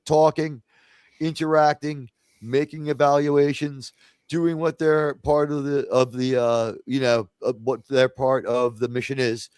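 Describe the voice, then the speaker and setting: A man's voice: on the high side, clean tone, dry recording. Man, livestream host, rambling casual chat, dry close sound. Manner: rambling, many fillers and restarts. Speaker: podcast host.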